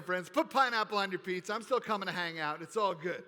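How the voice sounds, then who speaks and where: A man giving an energetic keynote speech, playful and animated as he works the crowd in a large convention hall. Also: high voice, fast, few pauses. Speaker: keynote speaker. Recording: reverberant hall.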